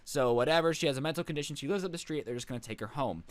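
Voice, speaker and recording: A man's voice: fairly high pitch, very fast, no room sound. Young man telling a crime story casually. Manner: rambling and jokey, with wry asides. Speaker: YouTube storyteller.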